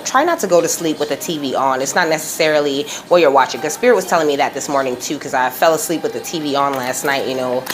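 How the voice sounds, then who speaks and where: Low-voiced chatty woman reading tarot. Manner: chatty, slangy, laughs often. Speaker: tarot reader.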